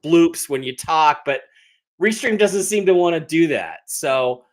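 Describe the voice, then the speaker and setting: A man's voice: fairly high pitch, animated, unhurried. A man hosting a casual livestream, greeting viewers in the chat and teasing them in a rambling way. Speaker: livestream host.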